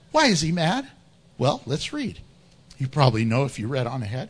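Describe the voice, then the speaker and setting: A pastor preaches a sermon in church, animated and funny, laughing often as he acts out Bible stories. His voice is fairly high, husky and fairly quick.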